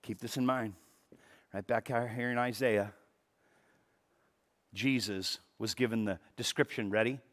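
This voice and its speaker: A male pastor preaching a sermon with animated delivery, dropping to hushed tones and rising to loud emphatic bursts, often repeating words for emphasis. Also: medium pitch, measured pace, pauses often. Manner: repeats words for emphasis, breaks into quoted dialogue.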